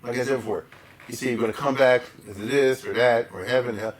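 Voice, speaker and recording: Speaking at a quick pace with fairly even intonation, a male rabbi gives a history lecture in a conversational style. He uses Hebrew and Yiddish words freely, often asks "right?" or "you follow?", and performs quoted speech with large pitch jumps.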